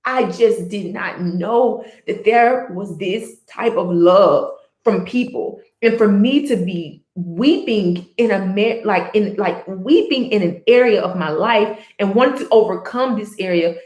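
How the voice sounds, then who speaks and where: A woman's voice: medium pitch, unhurried, darkish tone. Earnest woman vlogging in an echoey room. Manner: earnest, rambling with many restarts and fillers. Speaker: book chat vlogger. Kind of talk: casual personal reflection.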